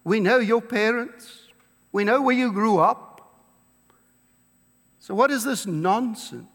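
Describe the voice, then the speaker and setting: A pastor preaching a sermon to his congregation, emphatic, slowing down to stress key words. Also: high-pitched, fairly bright tone. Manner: emphatic preaching with slow, drawn-out stresses and quoted scripture. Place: church. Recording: long reverb of a church hall.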